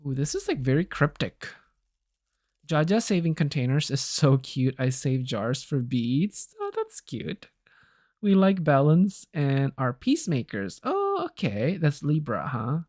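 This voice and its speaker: A woman streaming a cozy game, chatting in relaxed, casual asides with plenty of fillers. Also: extremely low pitch, a little slow, no echo, clean studio sound.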